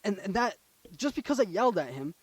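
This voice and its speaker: A young man co-hosting a casual chat, spinning a story in an animated, profane way. His voice sits a little high. The sound is dry and close, with little room. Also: a little fast, husky, no echo. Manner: animated storyteller, swears freely, swings between loud and quiet. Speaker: podcast co-host.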